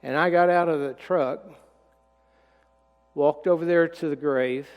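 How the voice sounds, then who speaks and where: A middle-aged man with a drawl preaches a sermon, telling stories in a folksy way. His voice is high and smooth, and it drops to a hush when he is moved. The long reverb of a church sanctuary hangs behind every word. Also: steady tone, unhurried, lo-fi sound. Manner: folksy, storytelling, drops to a hushed voice when emotional. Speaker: pastor.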